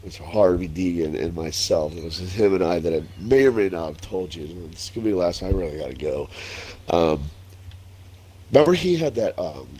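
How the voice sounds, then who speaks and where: A man's voice: low voice, animated, normal speed, dark tone, husky. Profane laughing man in his forties. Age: 40s. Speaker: streamer. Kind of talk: casual chat while gaming.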